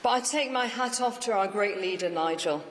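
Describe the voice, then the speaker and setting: A woman's voice: medium pitch, normal speed, a little hiss or hum. A woman, a newly elected mayor, delivering an emphatic, rousing victory speech to an audience in a large hall. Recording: echoey hall with faint ambience.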